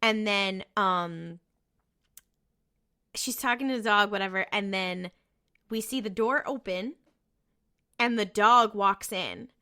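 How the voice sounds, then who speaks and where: A woman's voice: mid-range voice, slow, long pauses, sharp tone, clear, resonant tone. A woman co-hosting a podcast, recapping a TV episode in a casual, profane, laughing storytelling manner. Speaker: podcast co-host.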